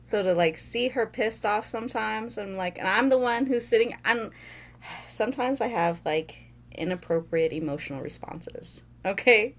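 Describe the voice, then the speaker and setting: A woman co-hosting a podcast in casual chat, telling stories in a measured way with many "like" fillers. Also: mid-range voice. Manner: measured storytelling with frequent "like" fillers. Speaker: podcast co-host.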